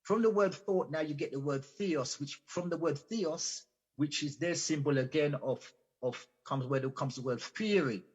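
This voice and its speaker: Guy giving a radio lecture, kinda high husky voice, repeats himself a lot, muffled lo-fi audio. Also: moderate pace. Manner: earnest and explanatory, often repeats and restarts words. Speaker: invited guest speaker. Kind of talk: lecture-style talk on a radio show. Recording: dull lo-fi audio.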